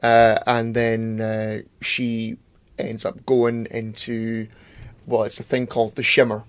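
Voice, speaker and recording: A man's voice: on the low side, monotone, takes it slowly, clean tone, dry recording. Rambling man, dry close sound. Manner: rambling, hesitant, swears freely. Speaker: podcast co-host. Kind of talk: casual chat.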